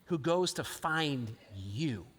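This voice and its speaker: A man preaching a live sermon, animated, acting out scripture quotes and swinging between loud and hushed lines. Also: fairly high pitch, slow. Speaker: pastor. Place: large church auditorium. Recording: live sermon with long hall reverb.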